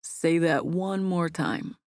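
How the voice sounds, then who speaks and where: A woman voicing a confident, affectionate young man who talks gently and teases in an audiobook romance. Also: fairly low pitch, slow, no echo, clean studio sound. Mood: tender. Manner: gentle, teasing. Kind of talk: audiobook dialogue.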